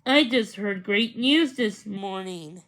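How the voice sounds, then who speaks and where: A woman's voice: medium pitch, expressive, slow pace, background noise. A woman reading aloud and voicing a gushing, dramatic young woman in a children's storybook, emphatic and full of superlatives. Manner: breathless and emphatic, stacking superlatives.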